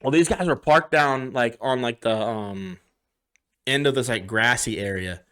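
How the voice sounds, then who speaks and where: A man's voice: mid-range voice, a little slow, sharp tone, smooth. A young man co-hosting a podcast, telling rambling bar stories in casual chat, swearing a lot and acting out what people said. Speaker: podcast co-host.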